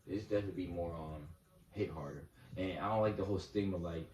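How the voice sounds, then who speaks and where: A man's voice: low-pitched, fast, a little mellow, roomy sound, distant mic, low-quality recording. A man hosting a casual, heartfelt interview, talking loosely with many fillers. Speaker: host.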